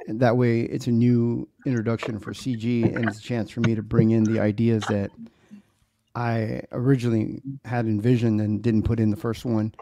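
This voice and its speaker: A man who makes comics, chatting as a guest in a relaxed, crude, joking way. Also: mid-range voice, moderate pace. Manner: laid-back, crude joking. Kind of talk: casual chat.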